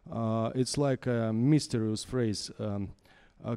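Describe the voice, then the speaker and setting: A man who is a conductor, with a Russian accent and Russian as his first language, coaching an opera singer in a masterclass in halting English full of fillers. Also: mid-range voice, mellow. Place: small concert hall. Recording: reverberant concert hall.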